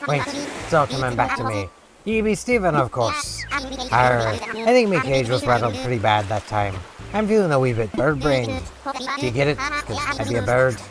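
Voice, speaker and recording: A man voicing a blustery male pirate seagull castaway, talking in a gruff pirate manner full of growled "arr"s. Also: mid-range voice, wildly swooping pitch, normal speed, over loud music.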